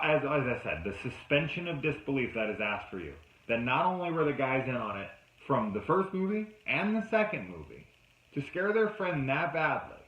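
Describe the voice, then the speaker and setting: A man rants through a film review, exasperated and swearing freely. His voice sits at an ordinary middle pitch. The recording is dull and slightly lo-fi, with a roomy echo around him. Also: a little hiss or hum. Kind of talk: casual ranting review. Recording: dull lo-fi sound in an echoey room.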